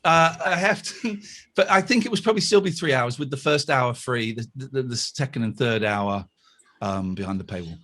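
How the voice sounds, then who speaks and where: Male host, chatty and animated, bright tone. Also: mid-range voice, moderate pace. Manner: chatty, laughing, animated storytelling. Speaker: podcast host. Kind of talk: casual production meeting chat.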